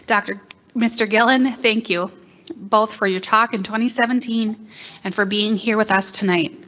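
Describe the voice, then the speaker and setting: A woman reading a written introduction aloud at a conference, steady and careful. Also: mid-range voice, normal speed, muffled recording. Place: conference hall.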